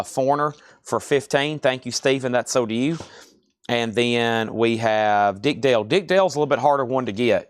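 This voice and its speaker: Brisk man hosting a live record sale. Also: medium pitch, smooth, no echo, studio quality. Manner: brisk, chatty, announcing prices and buyers. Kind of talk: live online sales patter.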